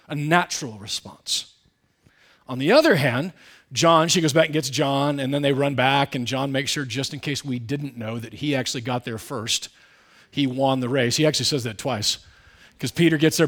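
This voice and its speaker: Man, pastor, sermon, conversational, candid asides, loud emphatic bursts, quiet low asides, mid-pitched voice. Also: fairly quick.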